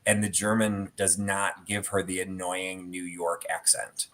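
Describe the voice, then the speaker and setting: Low-voiced man telling a rambling story. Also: monotone, unhurried, fairly bright tone. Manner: rambling storyteller with many fillers. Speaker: host. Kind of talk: casual chat about theatre collectibles.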